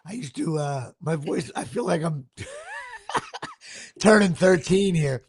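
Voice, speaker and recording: A man with a hoarse voice hosting a casual sports podcast, rambling and poking fun at himself. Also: a little high, animated, takes it slowly, no room sound. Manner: rambling, self-deprecating. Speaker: podcast host.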